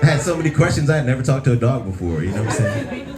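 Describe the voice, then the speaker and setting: Animated man doing stand-up in a club. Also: rapid-fire, very noisy. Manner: animated, jumps into high voices for characters. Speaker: stand-up comedian. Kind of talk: stand-up comedy storytelling. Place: comedy club stage, live audience. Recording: echoey club with loud crowd laughter. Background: audience laughing.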